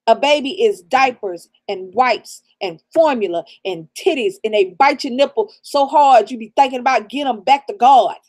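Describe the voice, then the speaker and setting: Blunt high-voiced woman giving real talk. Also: normal speed, hardly any pauses, darkish tone. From raised in the American South. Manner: blunt, profane, preachy real talk with laughter. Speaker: channel co-host. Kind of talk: casual live-stream chat.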